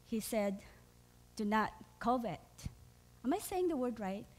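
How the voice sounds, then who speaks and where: A woman with a Filipino accent preaches in a loose, conversational way. Her voice sits a little high, and she laughs easily and often, with plenty of fillers and restarts between her thoughts. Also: lively intonation, a little slow. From Philippines. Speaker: church speaker. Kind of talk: sermon.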